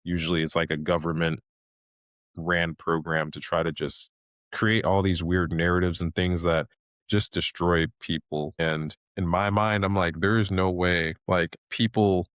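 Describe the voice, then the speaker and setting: Low voiced guy in his 30s ranting on his podcast, lots of likes and restarts, dry room. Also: flat delivery, measured pace, a bit bright, no echo. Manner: rambling, loose, with many fillers and restarts. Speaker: podcast host. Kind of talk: casual ranting monologue.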